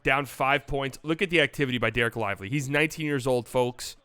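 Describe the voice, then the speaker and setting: A young man breaking down basketball highlights in a casual, excitable way, swearing freely. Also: fast talker, clean tone. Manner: excitable, swears freely, shifts into mock voices. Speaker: basketball commentary host.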